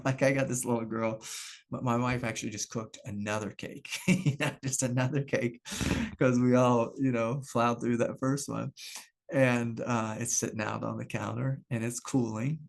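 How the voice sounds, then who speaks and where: A man's voice: medium pitch, fairly even intonation, moderate pace, vocal fry. Brief: middle-aged man, spiritual teacher on a video call, candid and self-reflective, laughs easily. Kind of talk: satsang talk.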